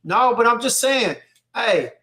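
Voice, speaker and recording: A man with a fairly high voice talks loosely on a casual podcast, his speech rambling and circling back on itself. He keeps checking in with his listener as he goes. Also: expressive, unhurried, bright, forceful tone. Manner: loose, repeats "you know what I'm saying". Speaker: co-host. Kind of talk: casual chat.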